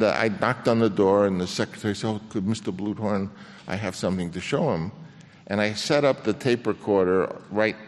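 Older man telling stories in a reverberant hall. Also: fairly low pitch. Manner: halting, many restarts, acts out quoted voices. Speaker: film director guest. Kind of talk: anecdotal storytelling on stage.

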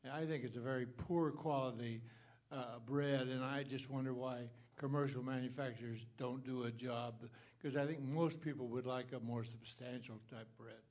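A man's voice: mid-range voice, fairly even intonation, moderate pace, a little mellow. Man, audience member, earnest, complaining question. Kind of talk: asking a question.

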